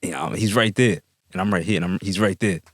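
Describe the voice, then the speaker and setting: A young man co-hosting a podcast, telling a story in casual chat in a halting, low-key way. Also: slightly rough, dry recording, studio quality. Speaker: podcast co-host.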